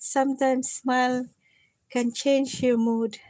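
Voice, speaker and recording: A tired woman chatting on a casual live stream, gently coaxing and self-mocking, often repeating her listener's name. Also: sits high, little pitch movement, slow, no echo. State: tired from lack of sleep. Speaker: livestreamer.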